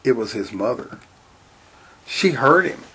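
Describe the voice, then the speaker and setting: A man reading a children's-style story aloud in a deadpan, matter-of-fact way. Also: mid-range voice, a little slow, husky. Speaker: narrator.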